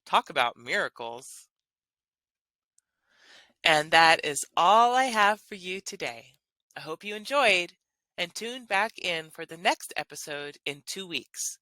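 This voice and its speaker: A woman's voice: lowish voice, expressive, measured pace, bright, forceful tone, dry recording. A woman teaching a language lesson, explaining grammar in an upbeat, enthusiastic way. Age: adult with children.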